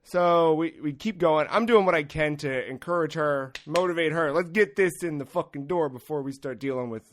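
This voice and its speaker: A man's voice: fairly high pitch, moderate pace. A man hosting a podcast, telling a story in a casual, profane way and acting out the people in it. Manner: profane, animated, acts out quotes. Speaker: podcast host.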